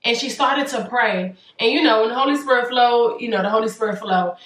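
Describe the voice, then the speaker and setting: A woman's voice: a little high, fairly quick, fairly bright tone, recorded from a distance. A young woman earnestly sharing a personal faith testimony as a vlogger, building her points through preacherly repetition. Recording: roomy sound, away from the mic.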